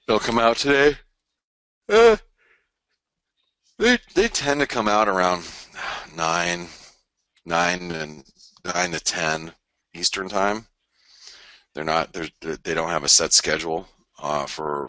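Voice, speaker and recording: Tired after starting early, a forex trading webinar host leads a live morning session in a very deep, forceful voice. His casual, rambling delivery is full of fillers and restarts, and he keeps repeating key phrases, captured in a close, dry recording without echo.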